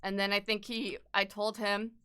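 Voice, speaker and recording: A young woman chats on a live art stream, blunt and candid, swearing freely and filling her sentences with "like". Her voice is bright and sharp, and it comes through smooth and clear. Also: mid-range voice, flat delivery, normal speed. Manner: peppered with "like". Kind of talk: casual chat while sketching.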